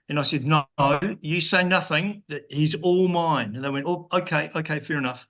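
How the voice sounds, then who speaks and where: His voice is a little high, bright and forceful, and he talks briskly with few pauses. A former New Zealand cricketer in his sixties, he rambles through dryly funny stories with frequent restarts during a casual interview on a dull lo-fi podcast.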